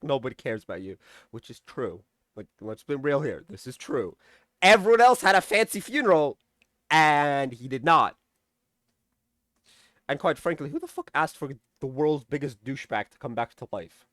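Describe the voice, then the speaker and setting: A young man with a slightly high voice gives a loose, rambling episode recap, cussing freely and slipping into sarcastic mock quotes. He sounds close to the mic in a dry, dead room. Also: fairly bright tone, no echo. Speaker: TV episode reviewer. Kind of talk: casual recap and commentary.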